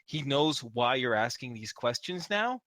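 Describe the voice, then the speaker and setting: A man narrating as game master in a tabletop game, swearing loudly while voicing characters. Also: medium pitch, very animated, a little slow, dry recording. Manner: profane, shouts in character.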